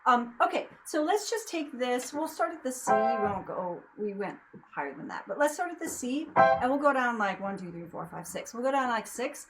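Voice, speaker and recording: A woman's voice: a little high, very animated, normal speed, music in the background, poor audio. A young adult woman teaching singing in a casual lesson, explaining in a loose, chatty way with lots of fillers. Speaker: vocal coach.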